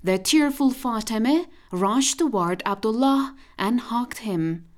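A woman narrating a radio drama in a steady storytelling manner. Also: a little high, takes it slowly.

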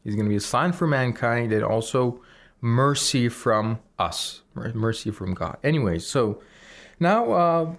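A man's voice: mid-range voice, lively intonation, measured pace. A man teaching Quran recitation on a radio program, explaining rules patiently and demonstrating examples.

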